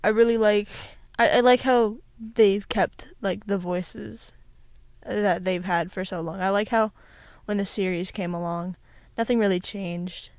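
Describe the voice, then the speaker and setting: This video creator is a young woman doing casual solo commentary into a desk mic with an echo filter; she rambles, giggles and keeps cutting herself off to restart. Her medium-pitched voice has fairly even intonation, runs a little slow, sounds slightly mellow, and carries no room sound.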